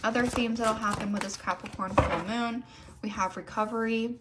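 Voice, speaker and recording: A woman's voice: a little high, steady tone, normal speed, noisy background. A woman hosting a casual pick-a-card tarot reading, talking straight to her viewers while seated on camera and gushing with affection for them. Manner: gushing and effusive, addresses viewers as "my loves". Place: seated indoors, filming herself.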